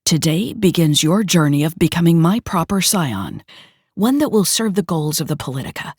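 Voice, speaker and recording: A man's voice: a little high, big pitch swings, moderate pace, husky, no room sound, studio quality, exaggerated voice. A woman voicing a smug, cruel dictator. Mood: smug menace. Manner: smug, taunting, cooing. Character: cruel scheming male dictator, menacing.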